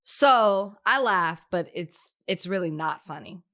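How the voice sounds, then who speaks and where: Bright-voiced female podcast co-host. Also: lowish voice, animated, takes it slowly. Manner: earnest, emphatic, opinionated. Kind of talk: casual podcast chat.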